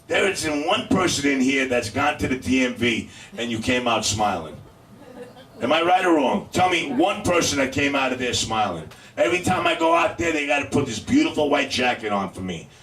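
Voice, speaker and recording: Mid-range and fairly bright, the voice of a comedy club host comes from a distance amid roomy club acoustics and faint noise. He jokes with the audience in his stand-up and lets his punchlines stretch.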